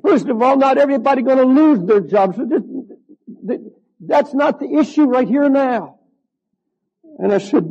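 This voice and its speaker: An older male pastor delivers a sermon in a strikingly high voice. He drags out key words slowly and builds to fervent shouts at the climaxes. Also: lively intonation, slightly rough, highs cut off. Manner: slow, drawn-out emphasis.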